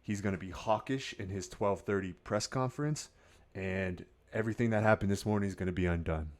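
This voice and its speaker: A man giving casual market commentary as a day trader, mumbling quietly over his charts at times and firing up into a loud, swearing pep talk at others. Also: sits low, a little fast.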